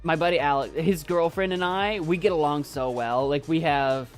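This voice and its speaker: A man chatting casually with viewers in a calm, soft voice, halting with many restarts as he chokes up. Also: a little high, faint music behind. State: choking up. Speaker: YouTube creator and poet. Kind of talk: casual live chat with viewers.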